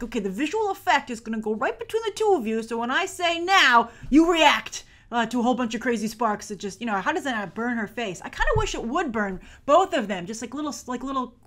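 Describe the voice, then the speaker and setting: A woman hosting a film review show, casually breaking down a trailer with chatty, rambling enthusiasm. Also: medium pitch. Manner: chatty and rambling, many "like" fillers; enthusiastic fan gushing.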